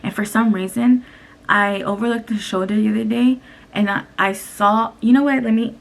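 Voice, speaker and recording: A woman's voice: fairly high pitch, steady tone, moderate pace, vocal fry. A young woman vlogging at home, telling a story in a blunt, profane, venting way, with faint noise behind her. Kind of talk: casual story time vlog. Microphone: camera.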